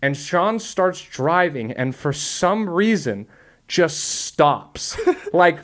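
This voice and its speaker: Animated, laughing podcast host, fairly high voice. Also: male voice, moderate pace. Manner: animated storyteller, laughs often, swears. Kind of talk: casual chat.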